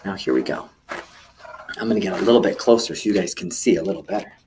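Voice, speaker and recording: A man's voice: deep voice, quick pace, darkish tone, a little hiss or hum. A man hosting a children's video lesson, speaking playfully and enthusiastically straight to the kids. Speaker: children's teacher.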